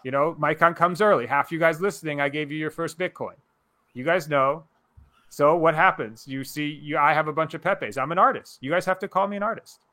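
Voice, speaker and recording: Brash co-host, a man who rants hard and swears freely, voice a touch high. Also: brisk. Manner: loud, profane, ranting. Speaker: podcast co-host. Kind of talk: casual chat.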